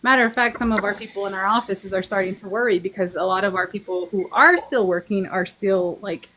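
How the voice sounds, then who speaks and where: A woman's voice: mid-range voice, fairly even intonation, fairly bright tone, a little hiss or hum. Earnest forty-year-old woman from Arizona. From Navajo Nation, Arizona. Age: 40s. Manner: earnest, halting, with restarts. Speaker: guest. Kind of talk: casual chat.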